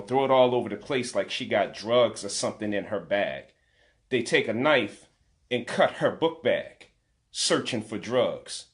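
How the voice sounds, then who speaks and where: A man in his forties, a parent speaking out in an impassioned vlog, indignant and emphatic, repeating key phrases. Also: mid-range voice. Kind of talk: impassioned direct-to-camera vlog.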